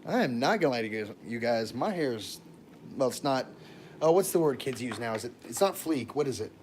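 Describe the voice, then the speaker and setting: A man's voice: medium pitch, expressive, brisk, darkish tone, slight background noise. A man rambling through casual livestream chat on a phone camera, laughing often and trailing off mid-thought.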